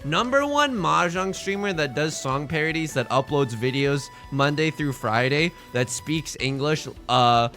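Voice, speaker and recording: Animated, jokey male streamer. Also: a little high, unhurried, few pauses, faint music behind. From born outside the United States. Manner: animated, jokey, mock-heated rants to chat. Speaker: Twitch streamer playing mahjong. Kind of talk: casual stream chat.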